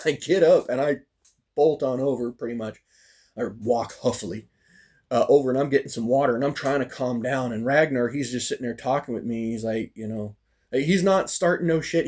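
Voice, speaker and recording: A man casually telling a personal story about a fighting practice, animated and full of fillers, acting out the lines of the people in it. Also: medium pitch. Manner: animated, acts out quoted lines, frequent fillers.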